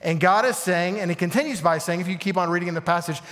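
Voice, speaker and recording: Man, pastor, high-pitched, animated sermon, asks the congregation questions, long hall reverb. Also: quick pace. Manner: animated preaching with asides to the congregation.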